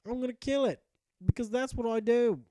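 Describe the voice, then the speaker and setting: A man's voice: very high voice, fairly quick, dark tone, dry recording, voice pushed up. A man voicing a cocky, foul-mouthed male knight warrior who boasts and swears as he fights. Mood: brash. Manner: brash, profane boasting. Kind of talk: mock-epic gameplay narration.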